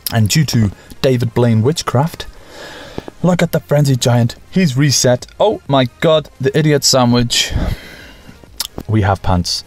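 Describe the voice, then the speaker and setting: A man talks over his own gameplay in a casual, self-mocking way, breaking into excited shouts when things get tense. His voice sits at an ordinary middle pitch. Faint music plays underneath. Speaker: gaming channel host.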